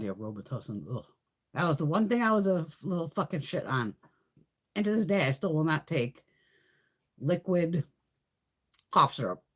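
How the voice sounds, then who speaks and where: A middle-aged woman hosting a beauty livestream, telling stories in a loose, animated way, swearing freely and laughing often. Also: lowish voice. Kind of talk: casual chat.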